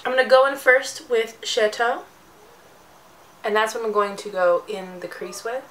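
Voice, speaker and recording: A woman's voice: a little high, moderate pace, fairly bright tone, a little hiss or hum, poor audio. A young woman giving a chatty, jokey makeup tutorial as a beauty vlogger.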